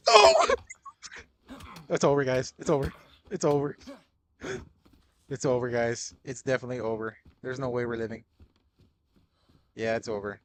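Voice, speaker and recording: A young man giving excitable live gameplay commentary, swearing often, calling everyone bro and dude, and panicking in repeated shouts. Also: mid-range voice, moderate pace, long pauses, slight background noise. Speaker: gaming streamer.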